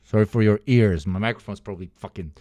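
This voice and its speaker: A man streaming a profane, heated political rant, sweating and shouting at times. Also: lowish voice, quick pace, no room sound. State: sweating, flushed. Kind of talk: ranting political commentary.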